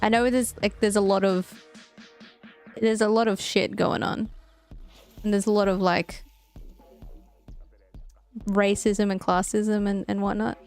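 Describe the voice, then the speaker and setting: A woman's voice: medium pitch, flat delivery, a little slow, long pauses, darkish tone, smooth, faint music behind. Chatty woman on a gaming call. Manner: chatty, laughs easily, swears. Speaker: friend in a group call. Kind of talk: casual gaming chat. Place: voice chat while gaming.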